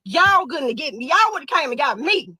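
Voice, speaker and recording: A woman's voice: sits high, sing-song, fairly quick, sharp tone, dry recording, poor audio. A young woman speaking out as a grieving mother, raw, angry and exhausted, swearing and repeating herself. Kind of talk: emotional monologue to camera.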